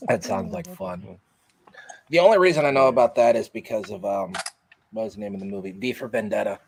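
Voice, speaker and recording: An American man chatting in a relaxed, quietly enthusiastic way on a live video call. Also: lowish voice, fairly quick, vocal fry, slight background noise. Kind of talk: casual chat.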